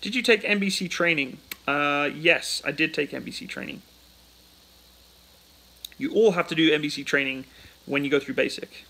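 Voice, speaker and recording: A chatty British man hosts a casual livestream and answers viewer questions into a phone. His voice is bright and forceful. It sits slightly high for a man. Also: normal speed, creaky, long pauses, poor audio. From United Kingdom. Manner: chatty, reads out chat questions then answers. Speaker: livestream host.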